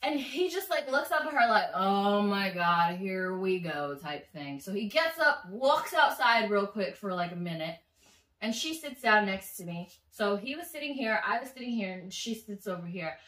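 Woman vlogger, bright and chatty, casual storytelling, slightly off-mic in a roomy space. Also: fairly high pitch, normal speed, distant mic. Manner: chatty, animated, swears freely. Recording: echoey room, voice slightly off-mic.

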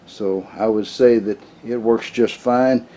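A man's voice: on the low side, fairly even intonation, slow pace, mellow. A man hosting his channel in casual workshop vlog talk, folksy and rambling with frequent restarts. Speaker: channel host.

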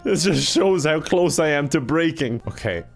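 Young man, let's-play host, exasperated and excitable, swears freely, a touch high-pitched. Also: moderate pace, vocal fry, faint music behind. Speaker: gaming YouTuber.

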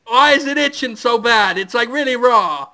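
Smug hotshot lawyer, whining high and bright, put on by a man. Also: animated, moderate pace, heavily acted. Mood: whiny.

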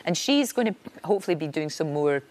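A middle-aged woman hosting a daytime TV sofa interview, chatty with quick follow-up questions. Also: low-pitched, lively intonation, a little mellow. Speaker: TV talk show host.

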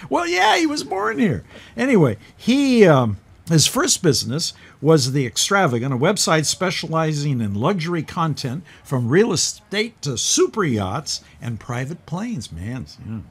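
An older man hosts a casual TV talk show, joking with his guest in an animated way. His voice sits a little high and slightly husky, and it swings widely as he tells stories. He sounds like he is in a studio. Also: a little slow. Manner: animated, jokey, big pitch swings when telling stories. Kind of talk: casual TV interview chat.

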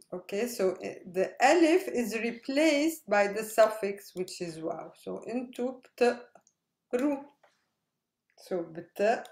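Slow, patient woman teaching in an echoey room. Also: medium pitch, darkish tone. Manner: spells out syllables slowly, checks in with "right?". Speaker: Arabic teacher. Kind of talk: slow explanatory lesson.

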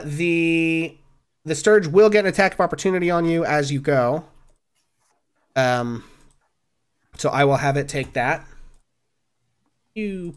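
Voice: medium pitch, smooth. A game master running a streamed tabletop game, upbeat and chatty, tossing in little sound effects. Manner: playful, makes sound effects.

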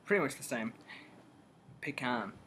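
A man's voice: medium pitch, animated, quick pace, fairly bright tone, slight background noise. A young man from England with an English accent, casually reading out words in a playful, teasing way for an accent challenge video. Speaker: video co-host.

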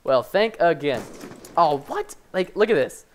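A young man giving excitable live commentary over his own gameplay, swinging between frustration and excited yelps. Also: fairly high pitch, unhurried, a little hiss or hum. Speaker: gaming commentator.

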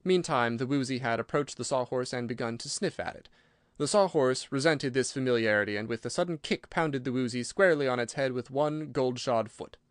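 A man narrating a children's fantasy book in a steady, even storytelling voice. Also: medium pitch, fairly quick, no echo, clean studio sound. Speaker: audiobook reader. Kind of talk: scripted narration.

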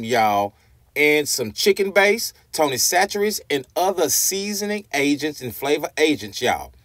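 A man's voice: a little high, a bit bright, no room sound, clean studio sound. A man hosting a cooking tutorial vlog, enthusiastic and talking straight to his viewers, asking them questions and saying "y'all" in nearly every sentence. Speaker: cooking channel host.

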